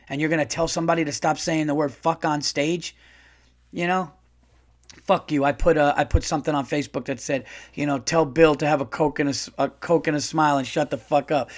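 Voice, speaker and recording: A man hosting his own podcast as a comedian, talking in a casual monologue, profane and animated, rambling with restarts. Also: on the high side.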